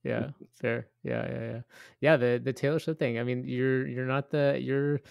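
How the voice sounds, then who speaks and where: A man's voice: mid-range voice, steady tone, moderate pace, creaky, darkish tone, clear, resonant tone, no room sound, clean studio sound. A man hosting a podcast interview, casual and affirming, with many fillers and agreeing yeahs. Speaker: podcast host.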